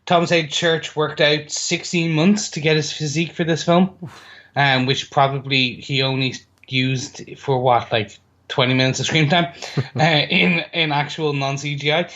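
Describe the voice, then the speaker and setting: Higher-voiced man, dull lo-fi sound. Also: flat delivery, a bit bright. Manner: brisk, list-like delivery with fillers. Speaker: podcast co-host. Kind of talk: casual film trivia rundown.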